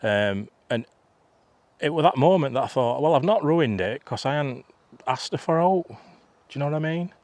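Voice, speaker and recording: A man's voice: medium pitch, expressive, moderate pace, a little mellow, no room sound. Chatty man in his fifties. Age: 50s. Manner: rambling, chatty, full of restarts and asides. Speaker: vlogger. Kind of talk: casual storytelling vlog. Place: outdoors in a field.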